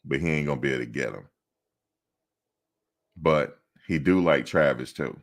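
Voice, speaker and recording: A man hosting casual sports talk, rambling and animated, often quoting others in his own voice. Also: rumbling low, moderate pace. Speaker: sports commentary host.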